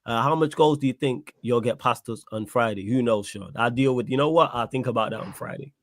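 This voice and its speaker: A man with a mid-pitched voice banters and teases his co-hosts about football in loose slang. His voice sounds dry and close. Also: fairly quick, no echo. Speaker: podcast co-host. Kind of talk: casual football chat.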